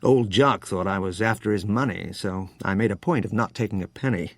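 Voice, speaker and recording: Narrator as a tired New York wine man in his forties, frank and wry, low and unadorned. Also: fairly quick, no echo. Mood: weary. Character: weary mid-forties American wine trader.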